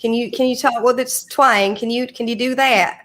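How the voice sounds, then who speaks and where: A woman's voice: on the high side, fairly even intonation, normal speed, fairly bright tone. A woman hosting a podcast interview, asking curious, eager questions in a casual chat. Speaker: podcast host.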